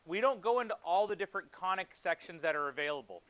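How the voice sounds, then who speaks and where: A man teaching a high school math class, quizzing students and joking with them in a classroom. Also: lively intonation, fast, a bit bright, highs cut off. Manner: instructive, asks students questions.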